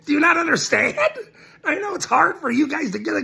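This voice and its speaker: His pitch swoops wildly in a very high register as this Irishman, a citizen journalist, rants to camera at a fairly quick pace. His voice is creaky, pushed, and bright, and he mocks, laughs between lines, and repeats his points with emphasis.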